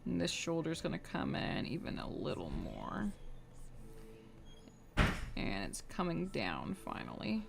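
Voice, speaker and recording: A woman's voice: low-pitched, wildly swooping pitch, measured pace, creaky, long pauses, heavy background noise. A young adult woman streaming live while she draws, rambling casually to her chat and humming between remarks.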